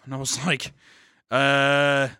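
A man's voice: medium pitch, slow, smooth, no room sound, studio quality. A man co-hosting a podcast, telling a story in a casual, swearing way and acting out other people's voices. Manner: animated, swearing, acts out voices in stories. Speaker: podcast co-host. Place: studio.

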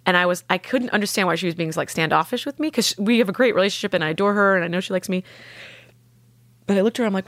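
A woman's voice: medium pitch, rapid-fire, a bit bright, no echo. A young adult woman telling an emotional personal story in earnest, heartfelt talk, acting out the voices of the people she quotes. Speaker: guest sharing a personal story.

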